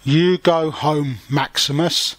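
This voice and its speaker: A man voicing a kindly, steady female mouse aunt in a read-aloud storybook. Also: fairly high pitch, slow pace, no echo. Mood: reassuring.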